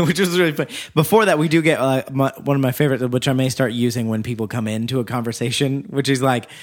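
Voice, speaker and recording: A man's voice: mid-range voice, fairly even intonation, fast. A man co-hosting a podcast, loosely rambling through a casual film discussion as he retells scenes. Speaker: podcast co-host.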